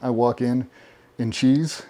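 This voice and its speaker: A man being interviewed, telling animated stories casually with plenty of swearing. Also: medium pitch, slow. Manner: profane, animated storyteller. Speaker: podcast guest.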